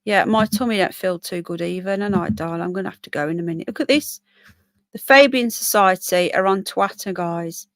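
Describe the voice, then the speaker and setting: A woman's voice: fairly low pitch, brisk, no room sound. Chatty woman on a live stream. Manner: chatty, talks to viewers and pets in between points. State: yawning, tired. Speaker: livestream host. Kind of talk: casual live-stream chat, reading comments.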